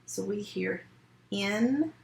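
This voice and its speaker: A woman's voice: mid-range voice, lively intonation, gravelly, a little mellow, echoey room, poor audio. A woman teaching a remote phonics lesson to first graders, walking through each sound and word step by step with patience. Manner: slow, patient step-by-step instruction.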